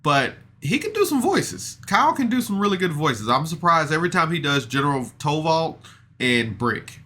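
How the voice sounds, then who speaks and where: A man's voice: on the high side, big pitch swings, normal speed, sharp tone. A man recapping a podcast episode in a casual, rambling way, self-deprecating and full of fillers and restarts. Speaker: podcast reviewer.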